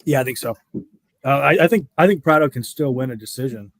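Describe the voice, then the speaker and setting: A man's voice: mid-range voice, fast talker, dry recording, rough recording. A man co-hosting a casual betting chat, hesitant and full of restarts. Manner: hesitant, many ums and restarts. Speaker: betting show co-host. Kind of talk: casual group chat on a live stream.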